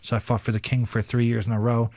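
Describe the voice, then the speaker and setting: A man's voice: medium pitch, little pitch movement, fast, warm tone. A man in his forties from Pennsylvania, a retired kickboxer, telling rambling, profane stories in a casual podcast interview. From Pennsylvania, USA.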